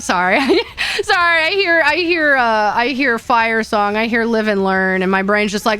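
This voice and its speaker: Bubbly high-voiced young woman streamer. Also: unhurried, bright, forceful tone, clean tone, faint music behind. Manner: bubbly, rambling, frequent laughs and word repeats. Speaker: VTuber streamer. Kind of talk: casual livestream chat.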